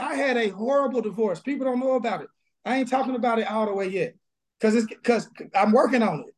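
A man's voice: very high-pitched, quick pace. A man who pastors a church, talking bluntly and emphatically in an interview over a video call, with a Southern accent. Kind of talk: casual interview, preaching energy.

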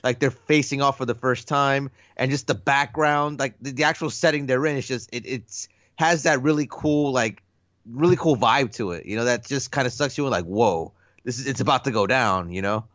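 A man's voice: medium pitch, normal speed, fairly bright tone, dry recording. A man co-hosting a film podcast, talking in a laid-back, slangy way and laughing often. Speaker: podcast co-host. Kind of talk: casual film chat. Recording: dry, dull lo-fi sound.

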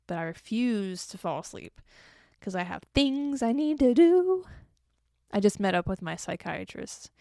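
A woman's voice: medium pitch, vocal fry, a little mellow, no room sound, studio quality. A young woman hosting her own podcast, chatting casually and joking at her own expense, tired from an early start. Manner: chatty and self-deprecating, joking asides. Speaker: podcast host. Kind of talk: casual solo podcast chat.

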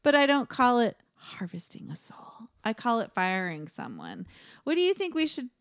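A woman's voice: a little high, wildly swooping pitch, moderate pace, smooth, no room sound, clean studio sound, voice pushed up. A woman reading the part of a chatty, giggly HR interviewer in a comedy sketch read aloud. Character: chatty female HR interviewer, eager.

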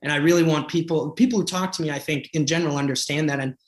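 A man's voice: a little high, fast talker, reverberant. A man from the Boston area who is running for office, talking earnestly and passionately in an interview, often restarting his sentences. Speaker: political candidate. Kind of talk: conversational interview.

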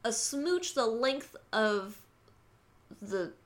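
Woman, podcast co-host, playful banter, casual movie chat, slightly high pitch. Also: animated, drawn-out words. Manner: joking, playful, conversational.

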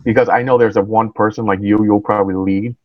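A man's voice: fairly low pitch, steady tone, fast, dry recording, phone-quality sound. A man who is a guest on a podcast, chatting casually in a plain, somewhat hesitant way.

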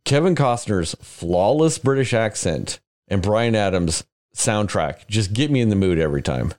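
A man co-hosting a podcast, talking casually and profanely, mocking himself about the films he loves. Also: fairly low pitch. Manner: profane, self-mocking, animated. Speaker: podcast co-host. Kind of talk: casual chat.

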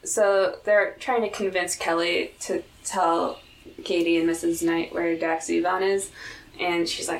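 A woman's voice: mid-range voice, fairly even intonation, measured pace, distant mic, rough recording. A woman co-hosting a casual podcast, recapping a TV episode in a chatty way and laughing often. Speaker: podcast co-host.

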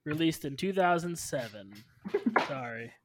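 A man's voice: on the high side, sing-song, measured pace, dry recording. Upbeat man hosting a podcast. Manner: upbeat, jokey, reads show plugs. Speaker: podcast host. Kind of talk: casual podcast chat.

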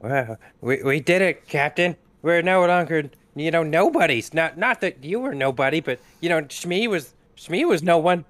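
A man's voice: a little high, expressive, normal speed, hardly any pauses, a bit bright, no room sound, pitched above the performer's own voice. A man voicing an eager, humble male goblin sailor who rambles and trips over his words. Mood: proud, gushing.

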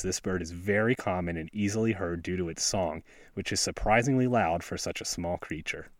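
A man's voice: lowish voice, dry recording, clean studio sound. Laid-back West Virginian man outdoors. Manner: laid-back, self-deprecating. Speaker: podcast host. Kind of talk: casual outdoor podcast talk. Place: snowy forest outdoors by a stream.

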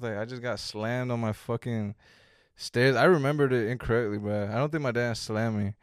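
Animated young man telling a story. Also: medium pitch, a little fast, clean tone, dry recording, clean studio sound. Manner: animated, heavy swearing, reenacts quotes loudly. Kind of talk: casual storytelling.

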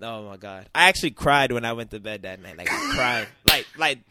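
A man hosting a podcast, chatting casually about football, animated, teasing and swearing freely. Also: mid-range voice, fairly quick. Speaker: podcast host. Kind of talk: casual chat.

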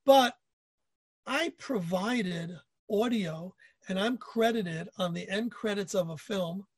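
A man's voice: high voice, slow pace, slightly rough, no room sound. A man hosting a casual chat, telling his own stories with enthusiastic self-deprecation. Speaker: podcast host.

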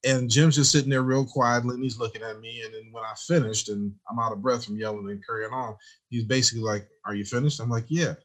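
A man who works as a teacher, telling stories in a relaxed interview and acting out the dialogue he quotes. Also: medium pitch, fast talker. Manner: animated storyteller, acts out quoted dialogue. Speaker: teacher, guest. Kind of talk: storytelling in a conversational interview.

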